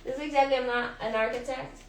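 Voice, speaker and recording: A high-voiced woman coaching her viewers in an energetic live talk, firing repeated questions at them. She calls them y'all and keeps the pace lively. Her voice rings around an echoey room. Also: fast talker. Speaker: life and business coach. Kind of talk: motivational livestream talk.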